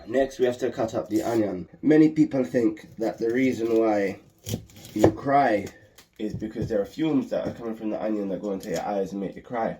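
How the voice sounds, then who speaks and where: A man joking his way through a casual cooking demo in his small home kitchen, deadpan and swearing freely. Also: fairly low pitch, moderate pace, poor audio. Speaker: home cook hosting a cooking video. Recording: loud fan noise in a small kitchen. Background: extractor fan hum.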